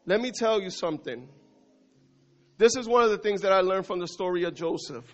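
A male pastor preaches with a high voice, driving points home through repetition and calls to the congregation. The recording is dull and lo-fi. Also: expressive, moderate pace, soft background music. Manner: emphatic, repetitive preaching with call-and-response. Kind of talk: sermon.

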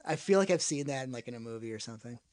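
A man's voice: mid-range voice, lively intonation, very fast, darkish tone, dry recording, clean studio sound. A man, a podcast guest, talking hesitantly with stammers and easy laughs. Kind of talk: casual chat.

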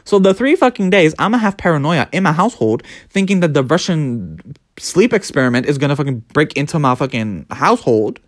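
A young podcast host tells a story with a voice that leaps up and down all the time. The pitch sits at a middling level, and the delivery is casual, profane and full of laughter. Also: very animated, a little fast, dry recording, clean studio sound.

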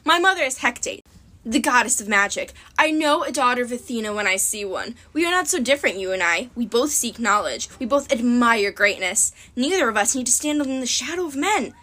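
A woman's voice: on the high side, animated, brisk, pushed and bright. Woman putting on a silky, smug sorceress. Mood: persuasive. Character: scheming female sorceress, sweetly condescending.

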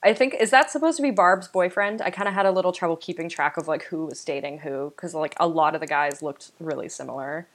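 A young woman with a notably low voice, talking in a loose, rambling way. She co-hosts a casual podcast, and her sentences are strung together with lots of "like.". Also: fast, few pauses, rough recording. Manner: chatty, filler-heavy, uses "like" a lot. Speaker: podcast co-host. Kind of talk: casual chat.

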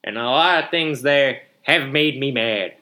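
Bright-voiced young man rambling sarcastically. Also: mid-range voice, unhurried. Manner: rambling, filler-heavy, sarcastic grumbling. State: yawning, a bit drowsy. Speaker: podcast host. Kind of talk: casual solo podcast monologue.

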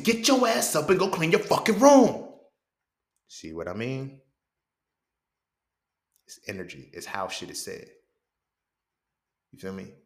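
Low-voiced man in an echoey room, swearing a lot. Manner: animated, profane, repeats "you feel me". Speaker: podcast host. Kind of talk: casual monologue.

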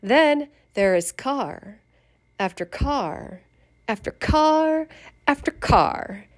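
A middle-aged woman casually telling a personal memoir, animated, swearing and laughing as she goes. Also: high-pitched, extremely slow. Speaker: storyteller.

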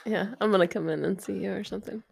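A woman's voice: mid-range voice, fast, creaky, husky, no echo, studio quality. A young woman co-hosting a podcast, teasing her friends in casual banter. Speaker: podcast co-host. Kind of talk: casual chat.

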